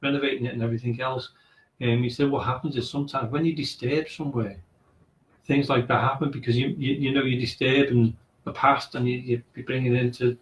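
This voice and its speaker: Scouse guy telling a spooky story on the radio, mid-pitched voice, acts out all the talking, roomy echo. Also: flat delivery, fairly quick, a little hiss or hum. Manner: acts out quoted dialogue, rambling. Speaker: guest. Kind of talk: casual storytelling on a radio show. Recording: echoey room.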